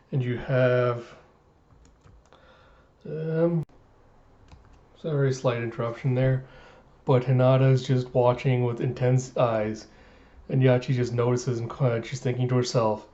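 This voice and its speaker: A man recapping a comic chapter in casual chat, rambling and hesitant with many pauses. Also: medium pitch, little pitch movement, warm tone, dull audio. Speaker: manga reviewer.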